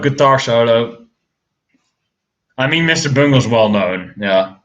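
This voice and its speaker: A man reviewing music in casual commentary, with a voice of ordinary middle pitch. He rants and curses freely, stumbling over and repeating his words as he goes. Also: lively intonation, normal speed, a bit bright, dull audio. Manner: profane, ranting, frequent stammered restarts. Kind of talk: casual reaction commentary on songs.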